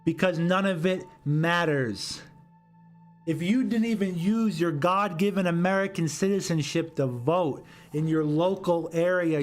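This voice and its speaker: A man hosting a solo political commentary livestream, answering chat in an argumentative, rambling way and often repeating himself. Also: sits high.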